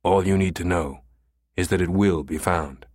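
A man voicing a calm, cold American conspirator who talks in a quiet, soothing way in an audiobook. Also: low voice, normal speed, no room sound, clean studio sound.

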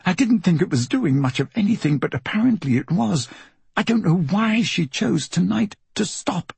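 A man's voice: sits high, lively intonation, moderate pace, creaky, darkish tone, slightly rough, no echo, pitched above the performer's own voice, heavily acted. A man voicing a grieving young woman magician in an audiobook, his voice raised and trembling with grief. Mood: distraught. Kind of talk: audiobook character voice.

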